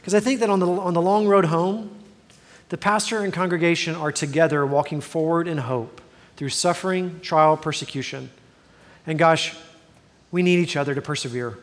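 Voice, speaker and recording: A man's voice: fairly high pitch, normal speed, in a large hall. A man in his forties preaching a sermon as a pastor, earnest and conversational with self-deprecating humor.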